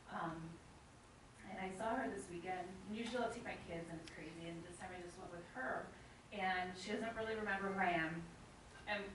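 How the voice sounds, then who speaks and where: Halting, chatty woman sharing a story, recorded far off in a roomy hall. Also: medium pitch. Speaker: seminar participant. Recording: echoey room from far off with noise.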